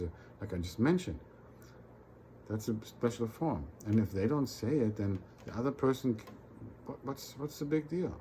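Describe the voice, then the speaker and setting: A man with a fairly low, mellow voice talks straight to his viewers in a loose, unscripted vlog. He stumbles and repeats words as he goes and slips into quoted mini-dialogues. Faint background noise sits under him. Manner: repeats words and restarts often; acts out little quoted exchanges. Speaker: vlogger. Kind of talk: rambling casual monologue.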